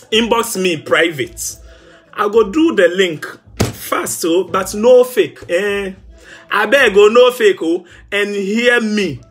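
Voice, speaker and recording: A high-pitched young man with a Ghanaian Pidgin English accent, hosting a gossip live stream. He talks slowly and teases his listeners, with a breathy, husky edge to his voice. Faint music plays behind him. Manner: playful, teasing, laughs and shouts often. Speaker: gossip show host.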